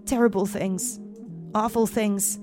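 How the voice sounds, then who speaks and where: A woman's voice: mid-range voice, steady tone, takes it slowly, over music, lightly acted. A woman voicing a frightened teenage girl, using a put-on American accent with shaky, urgent delivery. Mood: scared.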